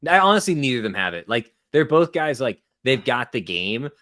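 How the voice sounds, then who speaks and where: A man's voice: medium pitch, very animated, fairly quick, a bit bright, no echo, clean studio sound. A man co-hosting a live tennis watchalong, chatting opinionatedly about the match with bursts of laughter. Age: young adult or middle-aged parent of an infant. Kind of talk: casual live sports commentary.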